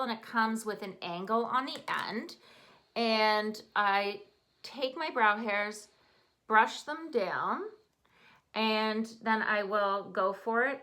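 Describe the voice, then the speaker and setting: A woman's voice: medium pitch, sharp tone. A woman with a Canadian accent, chatting casually through a makeup tutorial in an upbeat way. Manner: chatty, upbeat, talks while applying makeup. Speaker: makeup artist.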